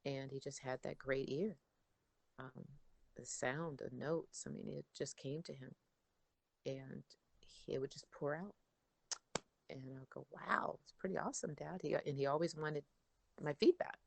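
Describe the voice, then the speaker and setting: A middle-aged woman as an interview guest, chatting casually and telling animated stories. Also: a bass voice, a little slow, gravelly, pauses often, no room sound. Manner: animated storyteller, acts out her father's voice. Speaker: interview guest, daughter of a songwriter.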